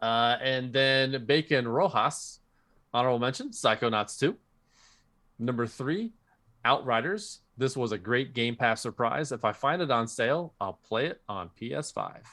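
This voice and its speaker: A man's voice: mid-range voice, animated, measured pace, pushed and bright. A man co-hosting a podcast in casual chat, reading out listeners' picks and telling stories with animation. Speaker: podcast co-host.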